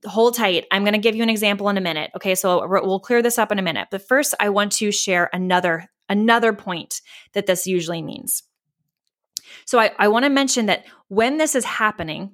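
A woman's voice: mid-range voice, fairly bright tone. A woman hosting a solo marketing podcast, talking in a candid, chatty way, swearing casually and acting out what her listeners might say. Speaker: podcast host, marketing coach.

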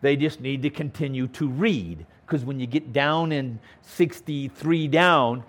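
Emphatic pastor, slow and lively. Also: male voice, medium pitch. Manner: emphatic, repeats key words, frequent "okay?" checks. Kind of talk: verse-by-verse Bible teaching sermon.

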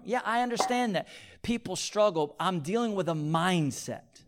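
A man preaching with a fairly high voice, calling out for amens from his listeners. He drops to near-whispers for key points, then rises into loud, repeated pleas as he acts out his illustrations. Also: expressive, normal speed. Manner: swings from quiet, near-whispered points to loud, pleading repetition; call-and-response, asking the audience for amens. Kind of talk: sermon.

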